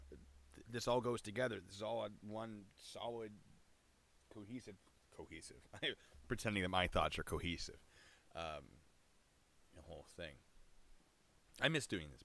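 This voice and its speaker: A man's voice: deep voice, a bit bright. A man chatting casually on a live stream, rambling and cutting himself off mid-thought. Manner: rambling, self-interrupting, chatty.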